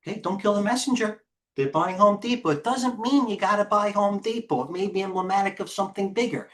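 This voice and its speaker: A middle-aged head trader and market coach gives live commentary on a trading stream, speaking a little fast in a high, slightly bright voice, with a little hiss or hum in the audio. He talks stocks bluntly and rambles, often cutting himself off mid-sentence.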